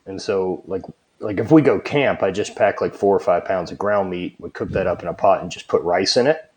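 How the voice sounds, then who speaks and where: A deep-voiced man from southwest Louisiana hosts a podcast, chatting casually at a brisk clip. He's relaxed and swears freely and often.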